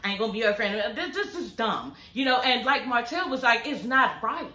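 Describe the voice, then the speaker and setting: A woman's voice: a little high, lively intonation, normal speed, pushed and bright, roomy sound, poor audio. A young woman giving a blunt, profane recap of a reality show, talking casually to her viewers. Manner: blunt, profane, repeats "you know what I'm saying".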